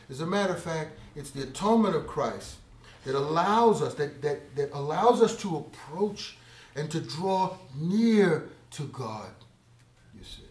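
A man delivers a sermon, his slightly high voice surging loud on key words and then sinking almost to a whisper. He stretches scripture phrases out slowly for weight. The sound rings in an echoey room. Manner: dynamic preaching, swells loud on key phrases and drops to a hush; slow, drawn-out emphasis on scripture words. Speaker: pastor.

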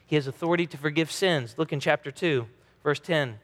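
Man preaching, high voice, earnest and emphatic, long hall reverb. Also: a little fast. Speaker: pastor. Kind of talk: sermon.

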